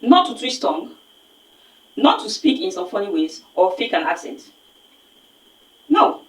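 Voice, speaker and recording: A woman's voice: mid-range voice, big pitch swings, unhurried, recorded from a distance. A woman with a Nigerian English accent giving an online phonics lesson, explaining emphatically and repeating words to model them. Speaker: phonics teacher. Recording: echoey room, voice set back from the mic.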